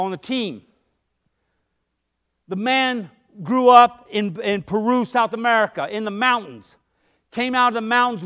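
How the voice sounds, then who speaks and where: A man's voice: very high voice, a bit bright. A man preaching a sermon in church, talking conversationally and telling stories between his points. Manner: conversational preaching with storytelling asides. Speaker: pastor. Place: church sanctuary.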